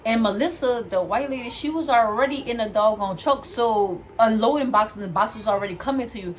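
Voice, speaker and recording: A young woman vlogger telling a storytime from work while doing her hair, animated and acting out what people said. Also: a little high, brisk, a little hiss or hum. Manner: animated, acts out quotes, addresses viewers as y'all.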